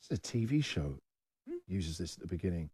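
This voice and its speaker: A man's voice: low-pitched, expressive, fairly quick, a little mellow, slightly rough, dry recording, clean studio sound. A man hosting a radio show, chatting playfully and laughing often. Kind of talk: casual radio banter. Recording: background music under the voice.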